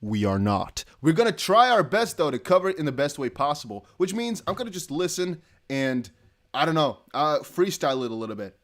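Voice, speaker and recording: On a casual crypto livestream, a young Dutch host reads donations in a chatty, laughing, rambling manner with restarts. His voice sits on the high side, very animated, and he talks fairly quickly.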